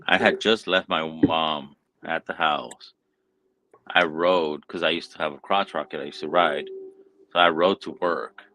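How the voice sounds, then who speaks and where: A man's voice: a bass voice, steady tone, measured pace, bright, forceful tone, a little hiss or hum, low-quality recording. A man hosting a casual chat, telling a long story loosely and swearing constantly. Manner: profane, rambling storyteller. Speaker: podcast host.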